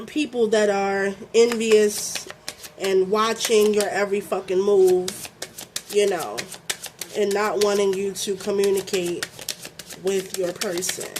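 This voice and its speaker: Doing an informal tarot reading, this young Baltimore woman talks in her local accent, filler-heavy and profane, repeatedly asking "okay?". Her voice is mid-range, and there is background noise.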